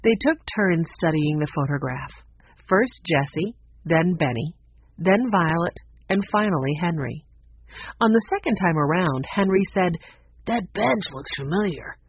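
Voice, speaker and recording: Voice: medium pitch, measured pace, slightly rough. An audiobook narrator reading a children's story expressively, in a slightly muffled recording. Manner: expressive, voices each character. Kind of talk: scripted narration.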